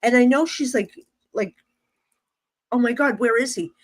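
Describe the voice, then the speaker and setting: A middle-aged woman with a New Jersey accent, a psychic medium guest on a podcast, telling a story in an animated way, acting out dialogue and laughing often. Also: a little high, moderate pace, no room sound.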